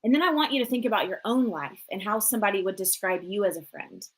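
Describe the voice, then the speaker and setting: A woman in her forties hosting a live motivational talk show, energetic and chatty, full of "like" and "you know". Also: mid-range voice, quick pace, rough recording. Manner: energetic, chatty, many fillers. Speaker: host and coach.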